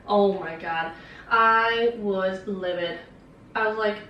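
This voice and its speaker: A woman's voice: mid-range voice, slow pace, a bit bright, a little hiss or hum. A young woman vlogger chatting casually about a book, rambling and swearing with lots of fillers. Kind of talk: casual chat. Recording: very echoey room, distant mic.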